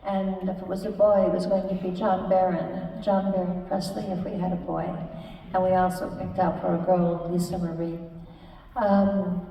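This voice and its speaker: An older woman telling her life story on stage, halting and warm, with many fillers and restarts. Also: lowish voice, level tone, vocal fry, a little hiss or hum. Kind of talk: live stage conversation with audience. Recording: echoey hall, speaker far from mic.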